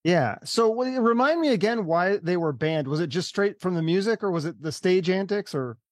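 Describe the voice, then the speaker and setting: Male host, high voice, animated, eager questions, dry close sound. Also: normal speed, no room sound. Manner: eager, laughing, prompting questions. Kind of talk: casual chat.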